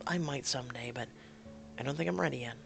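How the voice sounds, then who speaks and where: A man voicing an emotional, hesitant young bride in a story game, raising his voice higher and keeping it soft. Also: fast talker, gravelly, faint music behind. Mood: unsure.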